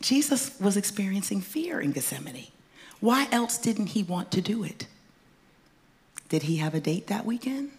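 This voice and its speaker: A woman preaching a sermon in a conversational, folksy way, swinging from loud emphatic bursts to hushed whispers. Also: mid-range voice, big pitch swings, moderate pace. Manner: conversational, folksy asides to the congregation. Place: church stage before a congregation.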